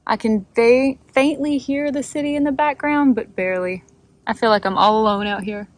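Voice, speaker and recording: A woman's voice: on the high side, normal speed, dry recording, rough recording. A woman vlogging from a kayak on a creek, gushing and talking to her viewers. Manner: awed, gushing, talks to viewers. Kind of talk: kayaking vlog narration. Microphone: phone camera.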